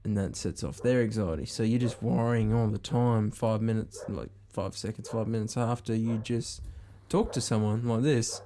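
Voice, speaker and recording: A man's voice: lowish voice, moderate pace, dark tone, slight background noise. A man hosting a podcast, teasing his guest, laughing easily and swearing often. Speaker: podcast host. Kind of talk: casual chat.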